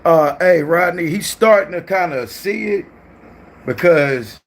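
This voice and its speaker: A man's voice: on the high side, animated, a little slow. A man hosting a livestream who chats casually, in a loose, profane and repetitive way. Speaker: livestream host.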